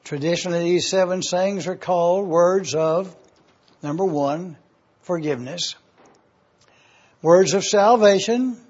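A man teaching a sermon slowly and deliberately, repeating points for review. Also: sits high, darkish tone. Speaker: preacher. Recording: dull lo-fi recording.

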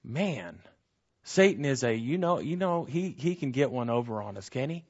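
Guy doing a casual bible study talk, animated, lots of rhetorical questions, kinda muffled audio. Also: mid-range voice, moderate pace. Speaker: Bible teacher. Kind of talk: conversational Bible teaching.

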